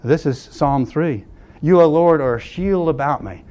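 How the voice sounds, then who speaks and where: An older man preaching a sermon, earnest, often dropping to a hush on key lines. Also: on the high side, a little slow. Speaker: pastor.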